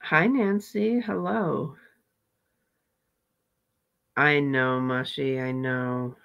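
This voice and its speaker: A woman's voice: extremely low pitch, gravelly, highs cut off. A woman hosting a live reaction stream, greeting viewers and chatting casually about her day. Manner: warm greetings, laughs at clips, slow and chatty.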